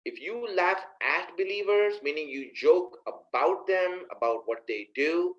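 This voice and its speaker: A man's voice: sits high, lively intonation, unhurried, a bit bright. Conversational male preacher, slightly lo-fi. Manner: conversational, addresses listeners directly with rhetorical questions. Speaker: Islamic preacher. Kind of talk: sermon.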